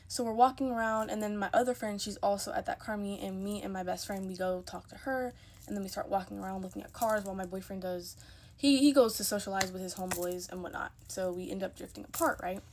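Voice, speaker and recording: A woman's voice: medium pitch, quick pace, a little hiss or hum. A young woman telling a casual storytime into her phone, chatty and emphatic, acting out the people in her story.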